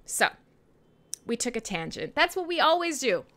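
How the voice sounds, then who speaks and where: A young woman from Canada hosts a casual livestream show, rambling between topics and laughing often. Her voice is bright and jumps lively up and down in pitch. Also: moderate pace. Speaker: livestream radio host. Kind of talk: casual livestream chat, reading chat questions.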